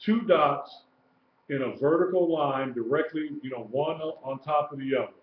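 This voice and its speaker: A man's voice: fairly high pitch, normal speed, slight background noise. A man teaching a class, patiently repeating each term and spelling words out letter by letter. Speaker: Hebrew teacher. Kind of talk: classroom lecture, live-streamed. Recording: roomy, dull lo-fi live stream.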